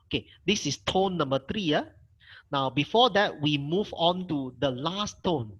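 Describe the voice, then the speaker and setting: A middle-aged man with a Malaysian English accent teaches an online Mandarin workshop over a video call, patiently repeating points and modeling tones. His voice is a little high, expressive and a bit bright with a breathy edge, a little slow, and the audio is dull.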